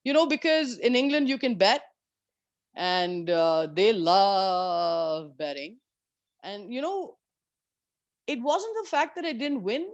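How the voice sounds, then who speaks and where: A woman golfer telling stories of her years on tour in an interview, animated and candid, swearing freely. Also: mid-range voice, takes it slowly, dry recording, highs cut off. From India. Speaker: professional golfer guest. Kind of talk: storytelling in an interview.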